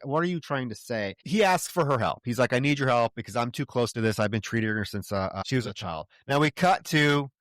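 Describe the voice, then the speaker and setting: A man's voice: medium pitch, dry recording, studio quality. A man co-hosting a podcast, recapping a horror film in casual, profane chat and acting out bits of dialogue. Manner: profane, retells scenes with quoted dialogue. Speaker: podcast co-host.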